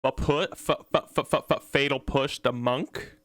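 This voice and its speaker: Man, casual card game commentary, slow and smooth delivery, pleads and groans at every bad draw. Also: medium pitch, no echo, soft background music. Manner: pleads and groans at bad luck, loud anguished outbursts. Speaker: gameplay commentator.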